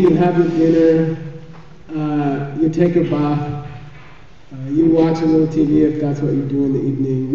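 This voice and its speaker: Teacher, man, dark and mellow voice with a slight lift in pitch, joking and chatty, heard from far off in a reverberant hall. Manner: chatty and joking, keeps checking in with "okay?". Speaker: spiritual teacher. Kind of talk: live dharma teaching. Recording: echoey hall, far from the mic, dull sound.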